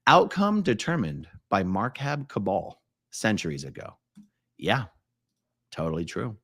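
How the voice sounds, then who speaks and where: A man's voice: on the low side, sing-song, unhurried, fairly bright tone, dry recording, clean studio sound. A man hosting a casual live stream, rambling and self-correcting as he reads viewer comments, often laughing.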